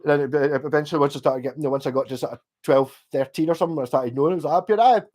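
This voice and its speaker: Speaking very fast at a medium pitch, this Glasgow-accented middle-aged man keeps a steady, slightly mellow tone. He's a Scottish livestream host reading chat, rambling casually with plenty of fillers and curses.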